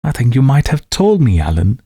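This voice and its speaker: A man voicing an embarrassed young gentleman who speaks in a sulky, rueful way. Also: mid-range voice, huge pitch swings, brisk, husky, pitched above the performer's own voice, exaggerated voice.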